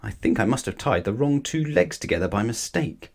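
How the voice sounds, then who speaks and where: A man's voice: fairly low pitch, lively intonation, a little fast. A man reading a storybook voices a polite, well-meaning young bear with an eager, earnest manner. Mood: apologetic.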